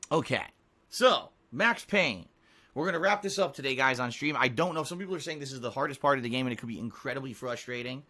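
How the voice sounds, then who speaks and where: A man's voice: medium pitch, sharp tone. Heated, foul-mouthed male streamer. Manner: heated, profane ranting. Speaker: live streamer. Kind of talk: unscripted stream talk to chat.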